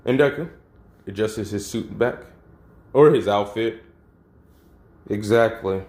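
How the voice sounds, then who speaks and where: A man's voice: lowish voice, slow pace, long pauses, a little mellow. A man casually retelling a fan story, rambling with lots of fillers and crude slang. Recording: roomy echo.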